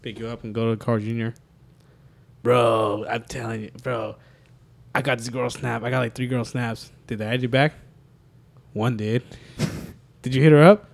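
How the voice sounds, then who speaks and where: A man's voice: mid-range voice, fairly even intonation, moderate pace, vocal fry, pauses often. A young man in casual chat with friends, telling a long rambling story full of swearing and laughter. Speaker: podcast co-host.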